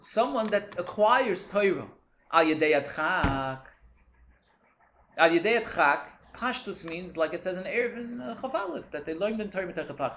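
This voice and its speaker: Animated man giving a Torah lecture. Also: a little high. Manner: animated, mixing Hebrew and Yiddish terms, acts out complaints. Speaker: Torah teacher. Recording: echoey room with faint hum.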